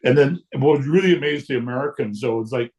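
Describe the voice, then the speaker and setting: A man in his sixties spins stories in relaxed conversation. He is lively and blunt, slipping into the voices of other people and cursing without a second thought. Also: mid-range voice, fairly quick, noisy background. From Canada. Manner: lively storyteller who acts out quotes and swears freely. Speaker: guest punk musician. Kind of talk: casual storytelling.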